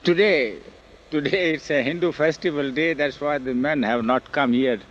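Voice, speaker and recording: A man's voice: a little high, moderate pace. Older man telling old stories, lo-fi. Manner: animated storyteller acting out quotes. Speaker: interviewee recalling memories. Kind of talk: oral history storytelling. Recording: dull lo-fi 1970s film audio.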